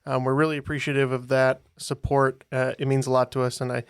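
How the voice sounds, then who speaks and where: A man co-hosting a podcast, speaking earnestly and a little haltingly about listener support. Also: mid-range voice, little pitch movement, clean tone, no room sound, studio quality. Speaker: podcast co-host. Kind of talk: casual podcast chat.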